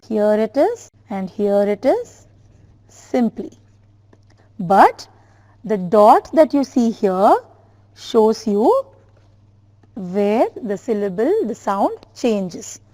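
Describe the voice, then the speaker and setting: A woman teacher slowly drilling words and syllables for her students, addressing them directly. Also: medium pitch, warm tone, long reverb tail. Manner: slow, careful word-by-word drilling, addressing students. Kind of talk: classroom lesson on syllables.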